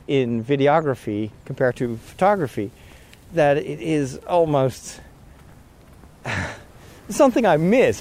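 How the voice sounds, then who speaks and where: A vlogger with a fairly high, mellow voice chats casually while walking outdoors, rambling along with frequent laughs and sounding a little out of breath.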